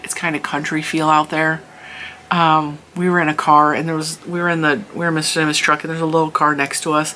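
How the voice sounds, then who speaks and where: A woman's voice: low voice, a bit bright, slight background noise, poor audio. A middle-aged woman telling a story in a casual, chatty vlog, emphatic, with lots of "like" and laughs. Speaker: crafting channel host.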